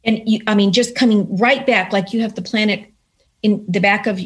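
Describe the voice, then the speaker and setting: A woman guest recounting a personal story in conversation, earnest and animated, acting out the voices of people in it. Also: mid-range voice, normal speed, noisy background. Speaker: interview guest.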